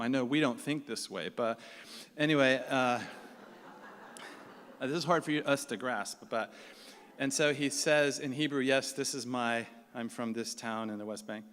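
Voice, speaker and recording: A man's voice: mid-range voice, measured pace, a bit bright, smooth. Guy doing live storytelling, chatty, acts out the dialogue, mid voice, long hall echo. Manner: conversational, acts out quoted dialogue. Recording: reverberant hall sound.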